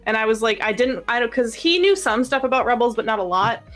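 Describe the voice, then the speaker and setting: A woman's voice: on the high side, lively intonation, fast talker, a bit bright, faint music behind. A woman co-hosting a casual podcast discussion, talking enthusiastically with lots of fillers. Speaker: podcast co-host.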